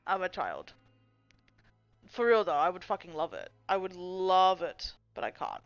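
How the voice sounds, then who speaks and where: A young woman with a lowish voice hosts a livestream, speaking slowly with long pauses and huge swings in pitch. The recording is dry and rough, with faint music behind her as she rambles, swears freely, goofs around, and reads chat messages aloud.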